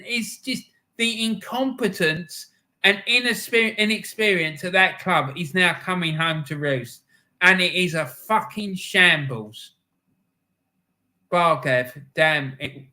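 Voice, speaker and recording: A man's voice: high voice, slow. A middle-aged man, hosting a live stream and reading out chat messages in an angry, swearing rant. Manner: angry ranting with heavy swearing; shouting.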